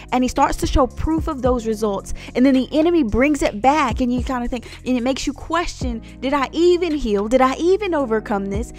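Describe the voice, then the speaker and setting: A woman telling her own story to viewers in an earnest, preachy vlog, speaking to them directly. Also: high voice. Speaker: Christian vlogger. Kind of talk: personal testimony vlog.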